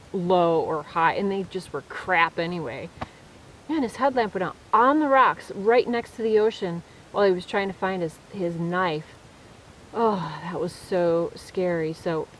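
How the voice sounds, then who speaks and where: A woman's voice: on the low side, a little hiss or hum, low-quality recording. Chatty woman vlogging from the woods. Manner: chatty, with frequent restarts and fillers. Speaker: vlogger on a solo camping trip. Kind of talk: casual storytelling to camera. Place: woods at night, at a debris shelter.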